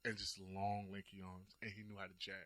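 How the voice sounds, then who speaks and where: A man's voice: low-pitched, fairly quick, dry recording. A man hosting a casual chat, telling a sparring story with heavy swearing and acted-out lines. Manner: animated storytelling, acts out his own past lines, swears often. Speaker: host.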